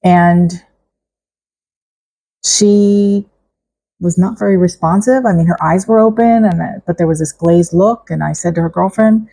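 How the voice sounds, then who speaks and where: A middle-aged woman speaks straight to her viewers in a personal vlog. Her voice sits low and has a husky, gravelly texture. She talks in a reflective, halting way, often restarting her sentences. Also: mellow, poor audio. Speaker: vlogger. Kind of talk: personal vlog talk to camera.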